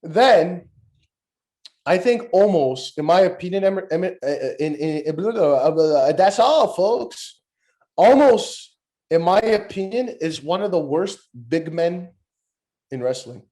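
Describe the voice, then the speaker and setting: A man's voice: high voice, measured pace. A man co-hosting a podcast, casually reviewing wrestling and ranting with a lot of swearing. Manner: profane, rambling, animated ranting. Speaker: podcast co-host.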